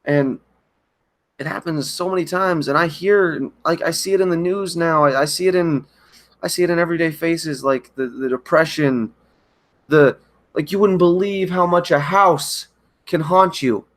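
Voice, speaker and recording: A man at home giving a halting, emotional confessional monologue on a livestream, often restarting his sentences. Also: a little high, a bit bright. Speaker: channel host. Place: at home by a kitchen counter.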